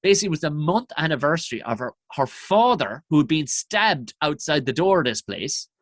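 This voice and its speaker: An Irish man telling profane, animated stories as a comedian guest in casual chat. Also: fairly high pitch, a little fast, dry recording. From Ireland.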